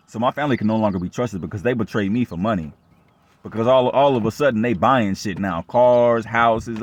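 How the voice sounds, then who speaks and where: A young man telling his own story in a rambling, repetitive, profane rant, sounding aggrieved and distrustful. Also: lowish voice. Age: young adult. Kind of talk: casual rant monologue.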